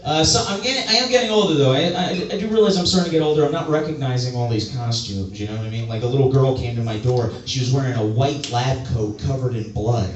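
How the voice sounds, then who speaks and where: A man from the suburbs doing a stand-up comedy set, rambling and self-mocking, now and then breaking into loud outbursts. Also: medium pitch, fast talker, few pauses. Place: comedy club stage. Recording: echoey room, mic from a distance.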